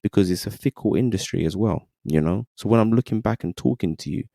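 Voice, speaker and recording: Deep gravelly man telling stories. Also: quick pace, no room sound, clean studio sound. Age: 30s. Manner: animated, repeats "you know what I mean". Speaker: podcast guest. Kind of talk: casual storytelling interview.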